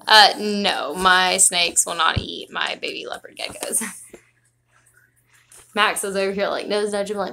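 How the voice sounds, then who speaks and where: A young woman casually vlogs from indoors at home on her phone in a livestream chat, rambling with plenty of fillers and sounding out of breath. Her lowish voice has fairly even intonation, a measured pace, and vocal fry, with a pushed, bright quality.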